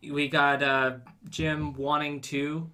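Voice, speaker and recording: Man, casual podcast co-host, relaxed chatty delivery, bright voice, filler words. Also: fairly high pitch, slow pace. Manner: relaxed, conversational, with frequent fillers. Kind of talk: casual chat.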